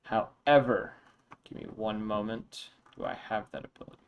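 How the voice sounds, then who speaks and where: A young man running a tabletop game as dungeon master, narrating in a relaxed, meandering way with fillers. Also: lowish voice, moderate pace, vocal fry, highs cut off, slight background noise.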